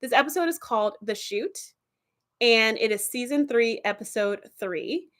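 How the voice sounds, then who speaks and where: A woman's voice: a little high, measured pace. A woman casually and animatedly retelling TV episodes as a reviewer, with lots of fillers. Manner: animated, chatty, with fillers and laughs.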